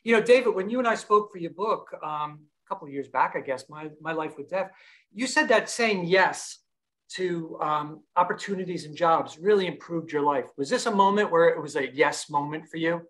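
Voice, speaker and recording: A man's voice: on the high side, normal speed, fairly bright tone. A man interviewing musicians, asking questions in a friendly, appreciative way.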